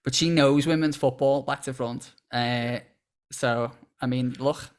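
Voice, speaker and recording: A man co-hosting a football podcast, chatty and halting with many restarts. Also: medium pitch, fairly even intonation, smooth. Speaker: podcast co-host. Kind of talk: casual chat.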